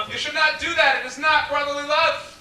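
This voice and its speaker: Very high bright showman, far off. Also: unhurried, a little hiss or hum. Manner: showman patter, deadpan setups. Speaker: novelty bubble performer. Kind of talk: comic stage act. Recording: echoey room mic from far off.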